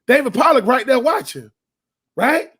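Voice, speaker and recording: High-voiced man in sports radio talk. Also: animated, moderate pace, fairly bright tone, slightly rough. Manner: emphatic and folksy, preaching in repeated phrases with frequent restarts.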